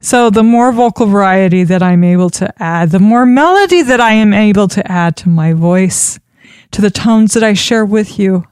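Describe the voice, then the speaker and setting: A woman giving an instructional talk on public speaking, expressive and demonstrating pitch changes as she teaches. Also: moderate pace, smooth, dry recording, studio quality. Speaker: speaking coach.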